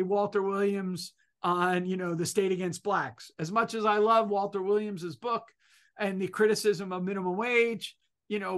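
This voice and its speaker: Middle aged professor guy, high voice, rambly talk with lots of you knows, pretty animated. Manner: animated, full of fillers like "you know". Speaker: economics professor giving a conference talk. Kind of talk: personal storytelling lecture.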